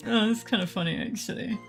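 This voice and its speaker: A woman's voice: mid-range voice, creaky, fairly bright tone. A woman streamer chatting casually during a game stream, rambling, swearing freely and going on rants. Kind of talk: casual gaming stream chat.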